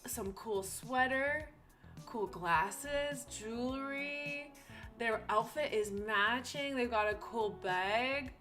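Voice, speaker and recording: Young woman, streamer, casual chat, giggly, a bit high voice, faint music behind. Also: pushed and bright. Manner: chatty and giggly, acts out quoted voices.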